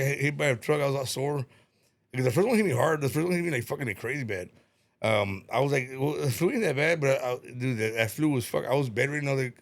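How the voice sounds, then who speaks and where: A middle-aged man rambles through stories in a casual podcast chat. His voice is gravelly and his pace is quick, and he stumbles over repeated words, swears freely and laughs often. His pitch sits in the ordinary middle. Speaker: podcast guest.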